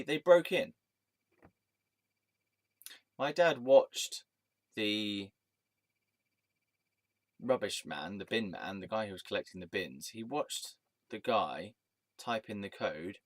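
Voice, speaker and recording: A low-voiced man vents in a rambling, angry monologue, cursing often and circling back on himself mid-sentence. The recording is dry and close, with no room sound. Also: no echo. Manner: angry, rambling rant with swearing and restarts. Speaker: vlogger telling a personal story. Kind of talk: casual storytelling monologue.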